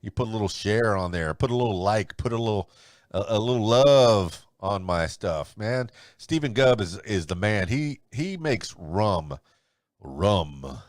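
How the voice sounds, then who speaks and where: A man with a low voice hosts a solo podcast. He rambles and chuckles in a loose, conversational way, and his pitch moves up and down a lot. The sound is close and dry. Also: animated, a little slow, no room sound. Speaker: podcast host. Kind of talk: solo podcast commentary and news rundown.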